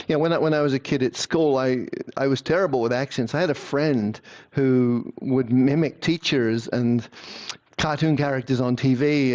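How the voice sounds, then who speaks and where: A man in a conversational interview, telling lively stories and stumbling over repeated words as he begins phrases. His voice sits at an ordinary middle pitch. The sound is dry and a little dull, like a lo-fi recording. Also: no echo. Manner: animated storyteller, repeats words when starting phrases.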